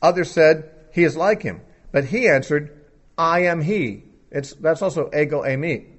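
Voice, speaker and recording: A man's voice: a little high, moderate pace. A man explaining a Bible passage in an unscripted teaching talk, thinking aloud with occasional fillers.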